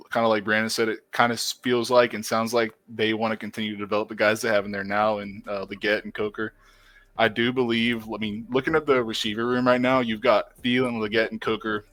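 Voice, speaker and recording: Male sports show guest, low voice, measured, dry recording. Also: pushed and bright, no room sound. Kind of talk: casual sports talk.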